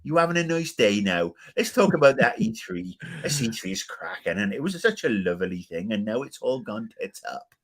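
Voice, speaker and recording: A man's voice: mid-range voice, sing-song, moderate pace, gravelly. A British man putting on an exaggerated broad British accent to play a friendly, chatty bloke. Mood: chirpy. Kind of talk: comic impression in podcast chat.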